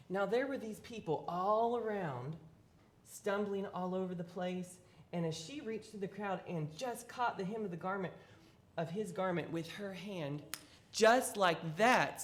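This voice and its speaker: A children's lesson teacher tells a Bible story with dramatic emphasis. The voice sits at a middle pitch and rises and falls widely.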